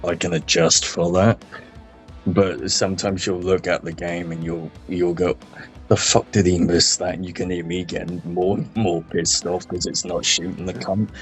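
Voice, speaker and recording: Deep flat guy chatting games, swears a lot, muffled audio. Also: normal speed. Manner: relaxed, swears freely, self-correcting. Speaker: gaming podcast host. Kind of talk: casual chat. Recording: muffled lo-fi sound, faint music.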